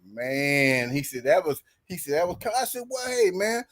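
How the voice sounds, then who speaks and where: Man, high voice, casual storytelling, acts out quoted dialogue, laughs often. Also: very animated, moderate pace, fairly bright tone. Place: podcast studio.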